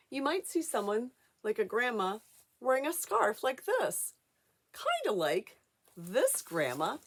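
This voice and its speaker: A woman's voice: mid-range voice, husky. A middle-aged woman giving a show-and-tell lesson to young children, talking in an exaggerated sing-song way and asking them questions. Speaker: children's teacher.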